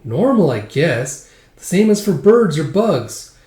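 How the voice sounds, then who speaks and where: Man voicing a small cheerful elf, breezy, higher voice, echoey room. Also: sing-song, slow pace, dark tone.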